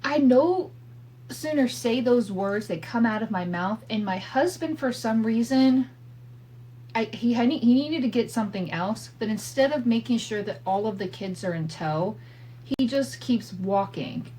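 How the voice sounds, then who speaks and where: A woman's voice: on the high side, lively intonation, a little slow, warm tone, low-quality recording. A woman in her thirties hosting a podcast, telling a family story in a candid, profane way with asides and laughs. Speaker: podcast host. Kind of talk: casual storytelling monologue. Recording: faint hum from a home setup.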